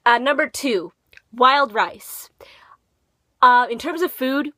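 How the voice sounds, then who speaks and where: A woman's voice: high-pitched, takes it slowly, bright, forceful tone, no room sound. A teenage girl from Minnesota with a slight Minnesotan accent, chatting casually in a rambling, filler-heavy way for her vlog. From Minnesota, USA. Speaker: vlogger. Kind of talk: casual talking-to-camera vlog.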